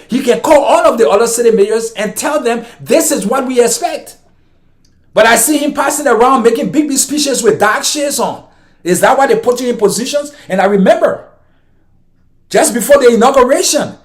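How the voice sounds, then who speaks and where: A Liberian man with a Liberian accent, delivering an impassioned political commentary monologue to his viewers, ranting and often repeating himself. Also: very high voice. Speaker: vlogger.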